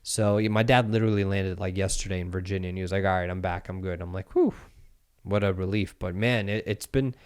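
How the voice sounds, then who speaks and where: A man's voice: deep voice, quick pace, hardly any pauses, clear, resonant tone. A man in his thirties hosting a podcast, telling a story casually and acting out the voices with some swearing. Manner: animated storyteller, acts out quotes, swears. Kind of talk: casual chat.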